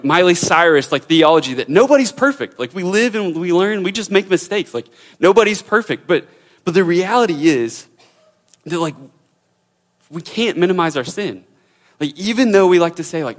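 A man's voice: high voice, animated, normal speed. A young man teaching a Bible passage in a casual, informal way, full of fillers and restarts.

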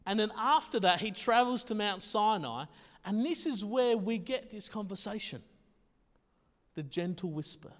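A male pastor preaches a sermon in a casual, conversational style, frequently checking in with his listeners. His high voice has lively intonation, normal speed and a fairly bright tone, and the hall adds long reverb.

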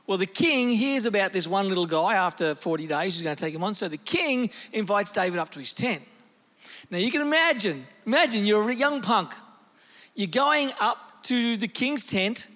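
A male pastor preaching a lively, animated sermon, with sudden shifts in pace and loudness as he tells a story. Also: high voice, in a large hall.

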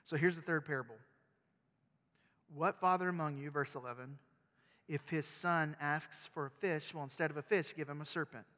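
A male pastor preaching a sermon in a conversational, animated storytelling manner. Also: a little high, fairly quick, long reverb tail.

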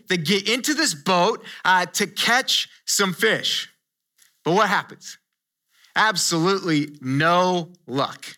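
A male pastor giving a conversational sermon, telling a story with animated asides and frequent restarts. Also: high voice.

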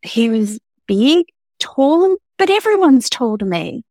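A woman's voice: a little high, very animated, takes it slowly, darkish tone, dry recording, studio quality, pitched above the performer's own voice, heavily acted. A woman reading aloud as a terrified young woman trapped in a car boot, stammering and breathless with panic. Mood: panicked.

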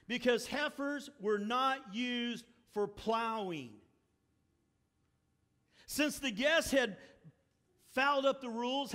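Male preacher, high-pitched, lively storyteller in sermon mode, long hall echo. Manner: storytelling, acts out quoted characters, wry asides.

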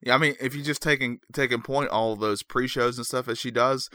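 A man co-hosting a casual wrestling podcast, enthusiastic and quick to agree. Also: medium pitch, steady tone, sharp tone, no room sound, studio quality. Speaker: podcast co-host.

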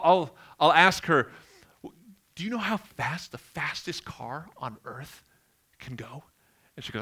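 A middle-aged male pastor delivers a sermon in a bright, fairly high voice. He talks earnestly, pressing hard on key phrases, and slips in homely stories from daily life. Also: lively intonation, measured pace. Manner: tells homely anecdotes in the sermon.

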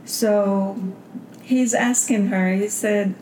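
A woman's voice: lowish voice, steady tone, slow, darkish tone, slight background noise. An older woman from Bulgaria telling her family's story in an interview, rambling with many fillers and restarts. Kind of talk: personal storytelling. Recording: roomy interview recording.

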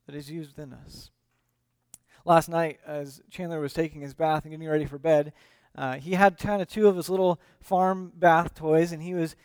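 A man preaching a sermon as a pastor, earnest and emphatic, letting his voice fall quiet and low at the ends of phrases. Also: no room sound.

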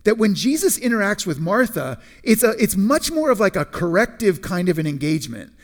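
A man preaching a sermon in a conversational way, often restarting and repeating words, and slowing down to stress key phrases. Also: high-pitched, big pitch swings. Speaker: pastor.

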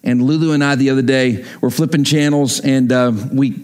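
A man's voice: medium pitch, fairly even intonation, moderate pace, a little mellow, clean tone. A man preaching a sermon, emphatic and repeating key lines for effect. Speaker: pastor.

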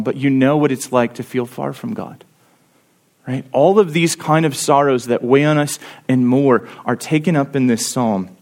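A man preaching a sermon, earnestly explaining a psalm and reading its verses aloud with rising emphasis. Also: mid-range voice.

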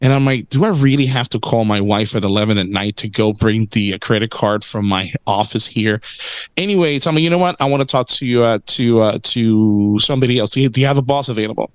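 Animated man telling a story. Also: on the low side, fast, clean tone, no room sound. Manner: animated storyteller, acts out quotes. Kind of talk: casual chat.

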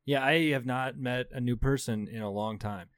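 A podcast co-host in his 30s, around thirty, tells profane stories in casual chat, laughing often in an animated way. His voice is mid-range at normal speed, and the sound is studio quality without echo.

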